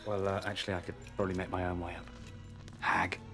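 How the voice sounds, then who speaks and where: A deep, deadpan stiff cop. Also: male voice, quick pace, over loud music. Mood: dry. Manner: dry, flat, awkwardly formal. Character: stiff, overly proper male police officer. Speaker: film character.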